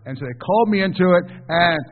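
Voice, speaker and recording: A man's voice: high voice, animated, quick pace, noisy background. A man preaching a sermon in a conversational way, asking the congregation questions and acting out the people he quotes. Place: church. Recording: phone-like sound with long hall reverb.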